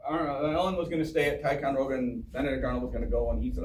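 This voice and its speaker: A man giving an informal history talk in a town hall, animated and joking, quizzing the audience. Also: mid-range voice, racing, noisy background. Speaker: history speaker. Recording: echoey hall from far off.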